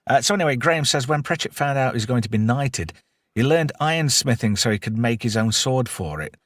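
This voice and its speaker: A man hosting a loose live-stream chat, reading out viewer comments and swearing freely. His voice sits at an ordinary middle pitch and sounds dry and close, with no room around it. He breaks into loud laughter often. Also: expressive, brisk, no echo. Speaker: podcast host.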